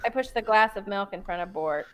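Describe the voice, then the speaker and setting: A woman playing a tabletop game, chatty and quick to laugh. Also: medium pitch. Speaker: player. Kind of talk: casual tabletop game play.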